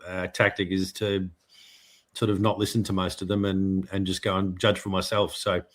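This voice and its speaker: A man's voice: low voice, level tone, normal speed. A man co-hosting a podcast, speaking in a hesitant, mock-indignant casual chat with many fillers. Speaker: podcast co-host.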